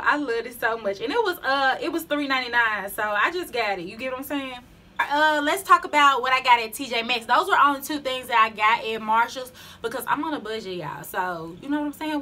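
A woman's voice: sits high, bright, forceful tone. A young woman with a Southern US accent, chatting casually to viewers in a haul vlog, a little out of breath and laughing often. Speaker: beauty vlogger.

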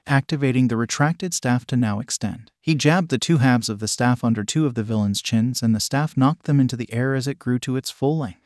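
A man reading an anime fan fiction story aloud, narrating and speaking every character's lines in a steady voice. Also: medium pitch, no echo, clean studio sound.

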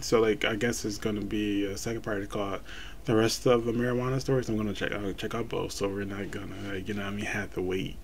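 Chatty young reaction host. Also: male voice, medium pitch. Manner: relaxed, chatty, laughs easily. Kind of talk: casual reaction vlog.

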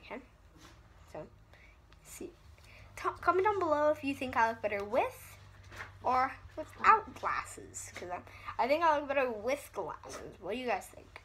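A woman's voice: sits high, very animated, a little slow, long pauses, a bit bright, a little hiss or hum. A woman chatting casually in a vlog, rambling, giggly and self-deprecating. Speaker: vlogger.

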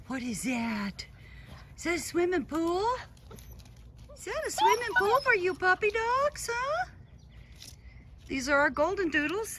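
A woman dog breeder outdoors at her kennel, cooing baby talk to her puppies in between telling viewers about them. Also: very high voice. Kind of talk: casual outdoor video with puppies. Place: outdoors at a kennel on a hot day. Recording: loud background noise outdoors.

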